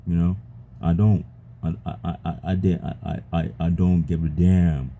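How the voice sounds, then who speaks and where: A man talking casually to an AI chat companion, halting and stammering, often repeating his words. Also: low voice, fairly even intonation, mellow, highs cut off. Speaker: user chatting with an AI.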